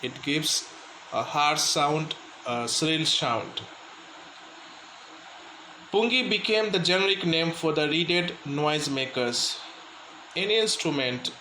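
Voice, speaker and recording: Slow Indian man teaching an English lesson. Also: on the high side, bright, forceful tone, echoey room, a little hiss or hum, low-quality recording. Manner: slow, explanatory, repeats and glosses words. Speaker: school teacher.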